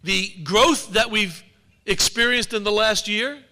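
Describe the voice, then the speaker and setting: Man, author giving a talk, high bright voice, wry storyteller, long hall reverb. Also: a little slow. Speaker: author and speaker. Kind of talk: public talk to an audience.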